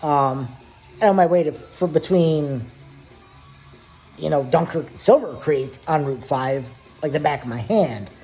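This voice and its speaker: A person in their thirties tells a long story straight to the camera, in a loose, rambling way full of swearing. The voice sits at a mid pitch, and the speaker breaks into little hummed asides as they go. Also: animated, measured pace, dark tone, soft background music. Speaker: vlogger. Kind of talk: casual storytelling.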